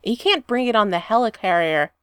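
A woman's voice: mid-range voice, animated, a little fast, fairly bright tone, clean tone, no echo, clean studio sound, lightly acted. A woman reading the lines of a stern, formal female deputy director who will not bend. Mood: firm. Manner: firm, formal, clipped.

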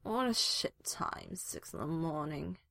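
A woman's voice: fairly low pitch, animated, moderate pace, gravelly, breathy edge, heavily acted. A woman voicing a groggy young woman buried in blankets, mumbling and whiny with sleep. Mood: sleepy grumbling.

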